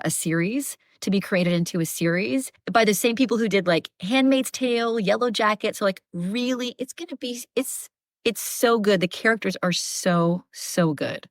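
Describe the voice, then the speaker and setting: A woman's voice: lowish voice, dry recording, studio quality. A woman audiobook narrator and actress, a guest chatting animatedly with many fillers. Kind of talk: casual interview chat. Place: Southeast Texas.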